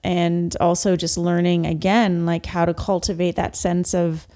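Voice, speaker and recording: A woman's voice: on the low side, little pitch movement, measured pace, warm tone. A woman hosting a podcast, reflecting in a thoughtful, coaching way on emotional growth. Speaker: podcast host. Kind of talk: reflective interview talk.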